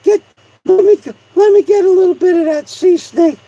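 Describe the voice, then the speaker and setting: A shrieking squeaky little character. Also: male voice, normal speed, warm tone, no echo, dull audio. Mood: panicked. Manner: shrieking, frantic questions.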